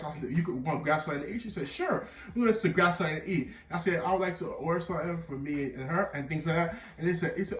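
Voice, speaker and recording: A young man telling an animated storytime tale full of slang, with bursts of laughter. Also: on the high side, fast, few pauses, recorded from a distance. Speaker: vlogger. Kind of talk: storytime vlog. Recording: echoey room, off-mic.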